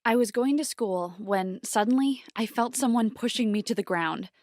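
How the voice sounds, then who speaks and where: A woman's voice: a little high, normal speed, no echo, studio quality. A woman reading a scripted first-person story aloud with dramatic delivery. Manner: dramatic, yells out quoted lines.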